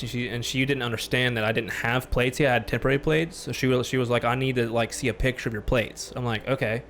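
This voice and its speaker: A man ranting on a casual podcast, telling a story, swearing freely and getting loud when angry. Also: medium pitch, slight background noise. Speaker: podcast host.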